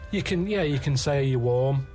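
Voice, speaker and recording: A man musing deadpan and matter-of-fact in a comedy podcast. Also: mid-range voice, measured pace, soft background music. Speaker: podcast guest. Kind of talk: rambling storytelling in a comedy podcast.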